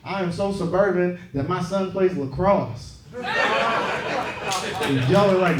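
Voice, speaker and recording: A man's voice: high voice, measured pace, long pauses. A young man from Seattle doing a stand-up comedy set on a club stage, chatting with and teasing the crowd. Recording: roomy club sound, loud crowd laughter.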